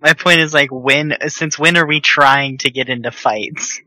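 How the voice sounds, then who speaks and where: A man's voice: on the high side, measured pace, bright, forceful tone, no room sound, poor audio. A man playing a tabletop role-play game, chatting casually with many fillers. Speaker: player.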